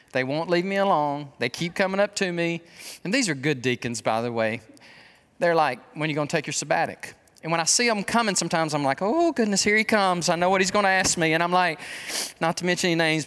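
High-voiced pastor in an echoing church. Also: male voice. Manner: animated storytelling with quick asides. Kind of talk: conversational sermon. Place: church sanctuary. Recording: long hall reverb of a church.

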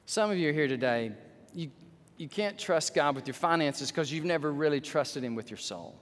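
A male pastor preaching a sermon in church, animated, dropping low and slow, then rising to loud high exclamations. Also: big-room sound. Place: church sanctuary.

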